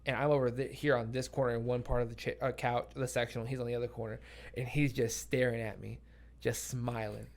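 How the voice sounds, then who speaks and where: Animated laughing young man storyteller. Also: mid-range voice, a little fast, gravelly. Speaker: podcast co-host. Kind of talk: casual chat.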